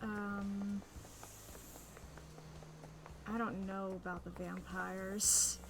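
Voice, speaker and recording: A woman's voice: mid-range voice, level tone, extremely slow, noisy background. A woman streaming a game, chatting casually and playfully, thinking aloud and humming silly noises. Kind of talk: casual gameplay commentary. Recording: game music behind.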